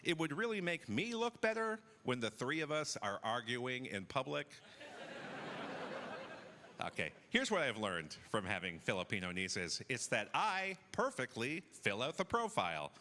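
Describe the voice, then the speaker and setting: A man's voice: mid-range voice, sing-song, unhurried, bright, forceful tone, a little hiss or hum. A man in his forties doing stand-up, with a dry, self-deprecating delivery. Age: 40s. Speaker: stand-up comedian. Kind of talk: stand-up comedy set. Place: comedy festival stage before a live audience.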